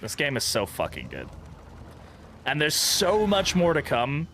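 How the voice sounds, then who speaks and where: A man's voice: a little high, huge pitch swings, a little slow, a bit bright, a little hiss or hum. A young man streaming a game, chatting casually, swearing freely and laughing often. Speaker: gaming streamer. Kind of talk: casual let's-play commentary.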